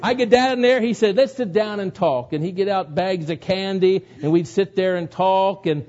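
A male pastor delivers his sermon as an earnest personal story, his voice a bit high and warm. The recording is somewhat dull and lo-fi. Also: normal speed. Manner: earnest storytelling preacher, rising to emotional pitch.

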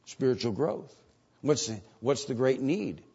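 An older man preaching a sermon and reading scripture aloud. He moves between loud, emphatic preaching and quiet asides. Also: medium pitch, very animated, a little slow, creaky, breathy edge. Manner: reads scripture aloud in old-fashioned wording. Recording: dull lo-fi sermon recording.

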